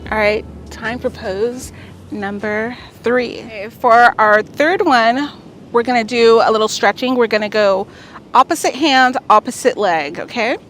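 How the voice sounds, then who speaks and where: Speaking at a measured pace in a fairly bright voice on the high side, a woman vlogger leads a casual beginner yoga routine outdoors on a beach. She's encouraging and talkative, often checking in with "okay?", with soft music in the background.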